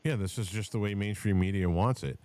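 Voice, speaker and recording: A man's voice: on the low side, brisk, dark tone. Cursing, heated male podcast host. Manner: profane, heated storytelling with restarts. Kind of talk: casual political chat.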